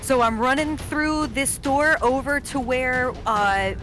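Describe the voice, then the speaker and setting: A woman's voice: high-pitched, slow pace, fairly bright tone. A woman playing a tabletop game, chatty and a little nervous. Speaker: player. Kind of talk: casual tabletop play.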